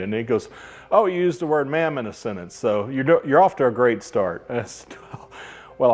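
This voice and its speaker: A man's voice: lowish voice, a little mellow. A man, a pilot, telling stories from his career in a casual interview and acting out the quoted dialogue. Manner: anecdotal, acts out quoted dialogue.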